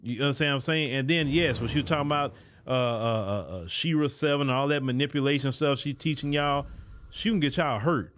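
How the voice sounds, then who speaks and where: A man's voice: medium pitch, brisk, fairly bright tone, a little hiss or hum. A man hosting his own show, giving an emphatic, lecturing commentary with frequent stalling fillers. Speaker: host. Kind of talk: commentary monologue.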